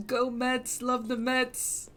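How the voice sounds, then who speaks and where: A woman voicing a loud, brash New York man in an exaggerated put-on Italian American New York accent. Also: sits high, heavily acted.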